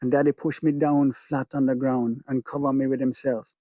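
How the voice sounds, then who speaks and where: A man with a Jamaican accent narrating a first-person story in a rhythmic, hushed patois. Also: medium pitch, level tone, moderate pace, dry recording. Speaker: audiobook narrator. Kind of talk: first-person audiobook narration of a child's memory.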